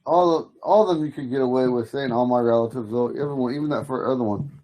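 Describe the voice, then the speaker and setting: A middle-aged man teaching an online language class, explaining slowly and repeating phrases for his students. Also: medium pitch, mellow, low-quality recording. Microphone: video call.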